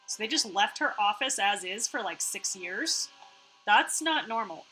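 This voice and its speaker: A woman's voice: mid-range voice, expressive, measured pace, bright, forceful tone, soft background music, low-quality recording. A woman streamer reading a story game aloud, casually narrating with chatty, playful asides.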